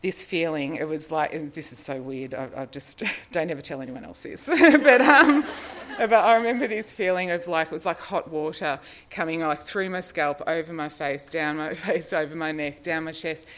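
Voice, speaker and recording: A middle-aged Australian woman with a low voice shares a personal recovery story. She rambles a little, leans on fillers and laughs at herself often. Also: steady tone, moderate pace, few pauses. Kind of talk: personal testimony, casual storytelling.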